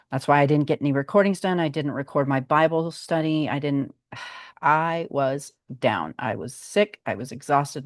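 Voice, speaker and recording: Low-voiced older woman, chatty vlog update. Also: no room sound, clean studio sound. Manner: chatty and meandering, with frequent ums. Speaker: vlog host. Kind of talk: casual personal update.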